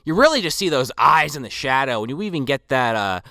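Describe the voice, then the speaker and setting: A man's voice: mid-range voice, sing-song, fairly quick, pushed and bright, dry recording, studio quality. A man co-hosting a casual movie review chat, chiming in with quips. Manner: quipping, chiming in. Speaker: podcast co-host.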